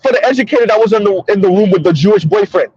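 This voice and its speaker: A man's voice: sits high, animated, fast, darkish tone, slightly rough, no room sound, muffled recording. A man hosting a casual commentary monologue from his car, emphatic and repetitive, talking straight to listeners. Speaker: commentary host. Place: in a car on the road.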